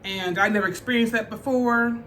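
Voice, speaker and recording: A woman's voice: a little high, steady tone, brisk, fairly bright tone, a little hiss or hum. A woman telling a personal story on her vlog in a casual, chatty way, full of fillers. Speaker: vlogger. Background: faint background music.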